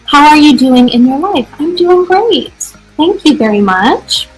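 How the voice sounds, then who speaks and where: An American woman hosting a live English practice show, answering viewer questions in an energetic, chatty way. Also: sits high, measured pace, faint music behind, low-quality recording. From United States. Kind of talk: casual live-stream teaching.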